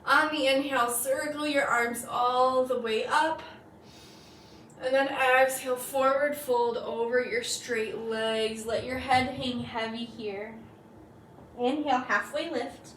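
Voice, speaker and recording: A woman teaching a yoga flow, calmly cueing each breath and pose. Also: high-pitched, slight background noise. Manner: slow, calm cueing of breath and poses. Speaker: yoga instructor. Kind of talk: guided yoga class. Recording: echoey room from far off.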